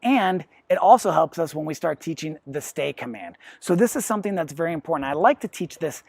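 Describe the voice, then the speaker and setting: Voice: medium pitch, lively intonation, a little fast, dry recording. A dog trainer giving a plain, step-by-step lesson on puppy training, explaining with everyday comparisons. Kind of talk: instructional talk to camera.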